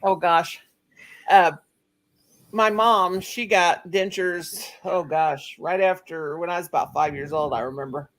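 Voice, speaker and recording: Speaking a little slowly, this middle-aged channel host has a lowish voice with fairly even intonation. In a relaxed family chat she rambles, tells stories and laughs often.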